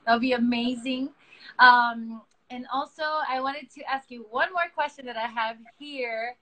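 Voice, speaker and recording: A woman's voice: fairly high pitch, fairly even intonation, a little slow, a bit bright, rough recording. A woman hosting a casual interview on a phone video call, encouraging and eager, and reading her questions from notes. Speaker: host, interviewer. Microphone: phone on a live video call.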